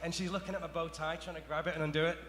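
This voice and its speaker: A man with a slightly high voice rattles off a self-deprecating story as a conference co-presenter. His words carry a long hall echo with a faint hum of room noise behind them. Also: level tone, a bit bright. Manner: quick, jokey, self-deprecating. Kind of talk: casual on-stage banter. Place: conference stage.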